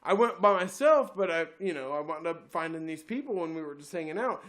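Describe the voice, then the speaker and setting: A man co-hosting a casual podcast, spinning rambling, profane anecdotes. His voice is high and animated, with a bright, forceful tone, and he laughs often as he talks. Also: a little fast. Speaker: podcast co-host. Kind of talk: casual storytelling chat.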